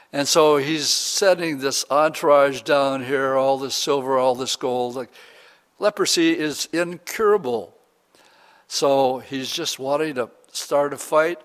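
A man's voice: fairly high pitch, measured pace, a bit bright. A man preaching a sermon, retelling a Bible story in a casual storytelling way with slang. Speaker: pastor.

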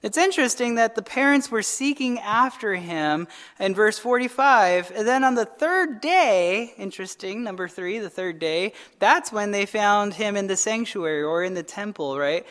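A woman's voice: mid-range voice, lively intonation, moderate pace, fairly bright tone. A woman teaching a midweek Bible study in a conversational way, often asking "right?" and restarting her phrases.

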